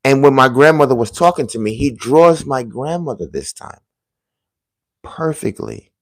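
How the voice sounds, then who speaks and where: A man earnestly telling viewers about a vivid dream in a casual, halting way, dropping to a hush at the tense parts. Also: mid-range voice, no room sound. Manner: earnest, halting, drops to a hushed voice at tense moments.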